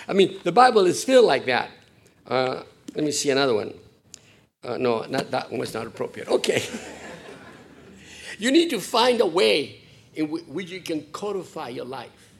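A middle-aged man preaching a sermon in a church, conversational and warm to the congregation, often repeating words and dropping in short Spanish phrases. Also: on the high side, sing-song, a little slow, creaky, pauses often, husky. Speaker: pastor.

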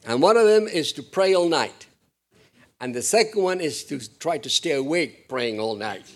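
A man preaching a sermon to his congregation, animated, joking with them and rising to loud, emphatic peaks. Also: on the high side, normal speed. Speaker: pastor.

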